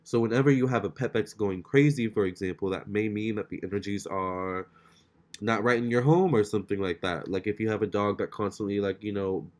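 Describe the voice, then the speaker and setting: Relaxed, low-voiced man chatting at home. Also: fairly quick. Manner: relaxed, loose, full of "like" and "you know". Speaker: tarot reader and vlogger. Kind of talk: casual vlog talk. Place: his home, with a cat nearby.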